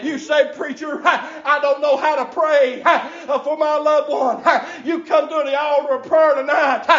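A male preacher, preaching a revival sermon in church with a rhythmic gasped "hah" after phrases that swells into shouts. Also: extremely high pitch. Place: church sanctuary. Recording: echoey church, dull lo-fi sound.

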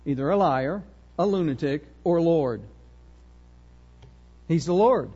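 A man preaching an expository sermon, emphatic and animated, full of rhetorical questions. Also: fairly high pitch, takes it slowly, husky, muffled recording.

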